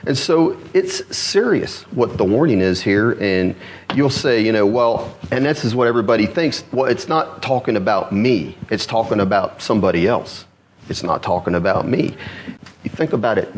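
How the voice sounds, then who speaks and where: A man preaching an expository sermon, asking his listeners questions, answering them himself and repeating key words for emphasis. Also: medium pitch.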